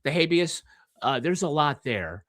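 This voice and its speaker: Boston-accented man, somewhat high voice. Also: big pitch swings, a little slow, a bit bright, no room sound. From Massachusetts. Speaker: guest author. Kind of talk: casual podcast conversation.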